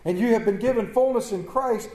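A man's voice: high voice, a little fast, darkish tone, roomy sound. A man preaching a folksy sermon, reading scripture and talking conversationally, stumbling a little over words because of a swollen lip.

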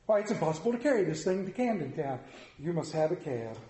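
A man voicing a reformed old miser who swings between gleeful shouts and mock growls, read aloud in a sermon. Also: a little high, sing-song, fast, roomy sound.

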